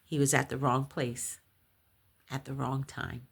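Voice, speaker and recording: A woman recounting a personal paranormal experience, animated and halting, with many restarts when shaken. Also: vocal fry, breathy edge. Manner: animated storytelling, acts out others' voices in high shrieks. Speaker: storyteller.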